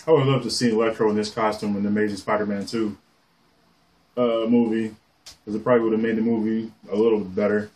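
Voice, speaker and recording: Excitable rambling man showing comics. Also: lowish voice, fast. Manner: excited, rambling, swears casually. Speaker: comic collector vlogger. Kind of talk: casual show-and-tell.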